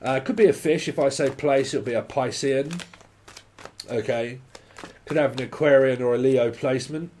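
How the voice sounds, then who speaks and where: A man's voice: medium pitch, normal speed, a little mellow, slight background noise. A man giving a casual, rambling tarot reading, often swearing and laughing. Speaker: tarot reader.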